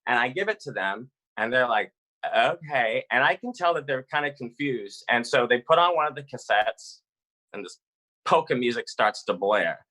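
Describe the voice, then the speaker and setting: A man from Massachusetts telling a personal story live over a video call, animated and chatty with fillers. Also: medium pitch, moderate pace, poor audio.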